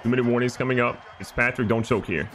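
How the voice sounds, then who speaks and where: A man giving excited, joking gameplay commentary as a gaming YouTuber. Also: medium pitch, fast talker, slight background noise. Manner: animated, joking, trash-talking.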